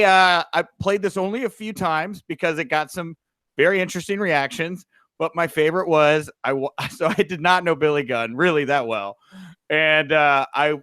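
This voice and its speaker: Clear and resonant, a young man's mid-range voice carries his casual wrestling news podcast, recorded dry. He's an animated storyteller as host, frequently filling gaps with "uh."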